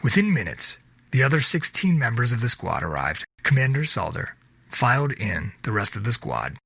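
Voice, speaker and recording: A man reads his own novel aloud at a steady pace. His voice is bright with a husky edge, and his pitch moves a lot. The recording is close and dry, with no room sound. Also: moderate pace, dry recording. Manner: steady storytelling read. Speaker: narrator. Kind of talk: reading a self-published novel aloud.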